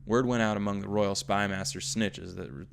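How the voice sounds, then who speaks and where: A gravelly, low-voiced slum gang member, as a gamer reads him out tells his boss's story in a slipping Southern drawl. The telling is unhurried and plain, like a read-aloud note. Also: steady tone, slight background noise. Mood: storytelling. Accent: slipping into a put-on American Southern drawl. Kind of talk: reading an in-game note aloud.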